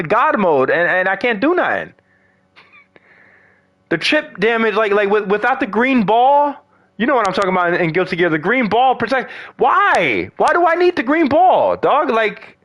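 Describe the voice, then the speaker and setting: High, bright-voiced man ranting profanely. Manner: profane, exasperated ranting with slangy asides. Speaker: gaming vlogger. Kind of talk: ranting casual monologue.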